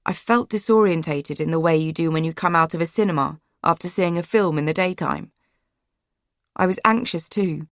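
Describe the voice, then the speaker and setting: Low, subdued woman narrating a memoir. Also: no room sound, clean studio sound. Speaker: audiobook narrator. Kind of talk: first-person memoir narration.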